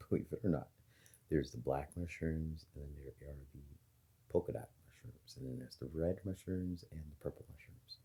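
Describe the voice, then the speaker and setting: A man's voice: rumbling low, mellow, breathy edge. A man talking casually to his viewers, rambling through ideas with many fillers and restarts. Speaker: video host. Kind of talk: casual monologue to camera.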